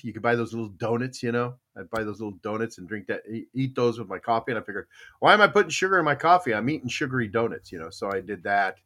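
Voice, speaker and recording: Chatty, bright-voiced older man. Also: medium pitch. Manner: rambling storyteller, many restarts and fillers; chuckles often. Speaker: podcast host. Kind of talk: casual podcast chat with live chatroom.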